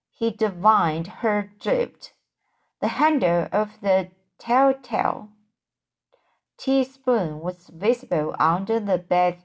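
A woman reading a novel aloud, halting often, repeating words and correcting herself. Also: mid-range voice. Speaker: audiobook reader.

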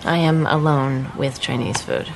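Teary woman on a night phone call, low voice, gravelly, faint background hum. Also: unhurried, exaggerated voice. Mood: choked up. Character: tearful lonely woman calling a friend at night.

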